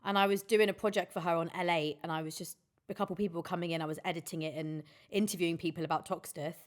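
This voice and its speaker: A woman's voice: fairly low pitch, steady tone, fast talker. A woman, a DJ chatting candidly and emotionally on a podcast, swearing freely. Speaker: DJ and guest. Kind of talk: casual podcast chat.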